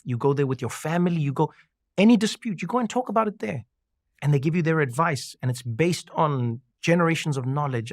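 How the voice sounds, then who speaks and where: A man talking casually on a podcast, an animated storyteller who acts out the people he quotes. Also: medium pitch, no echo, studio quality. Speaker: podcast guest. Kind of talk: casual conversation.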